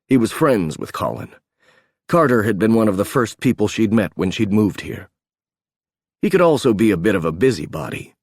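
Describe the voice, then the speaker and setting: A man narrating an audiobook in a steady, measured reading voice. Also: fairly low pitch, breathy edge, no room sound, studio quality. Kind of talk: scripted narration.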